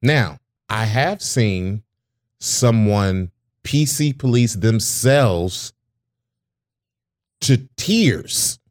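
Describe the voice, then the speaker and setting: Lively, animated male storyteller. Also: very slow, long pauses, no room sound, clean studio sound. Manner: animated storyteller, acts out quotes in a high voice. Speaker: podcast co-host. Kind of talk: casual storytelling chat.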